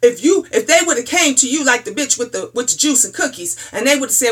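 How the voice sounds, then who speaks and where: A woman's voice: sits high, expressive, quick pace, slightly rough. A middle-aged woman ranting bluntly, with a lot of profanity and repeated phrases, in a heated opinion vlog. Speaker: vlogger.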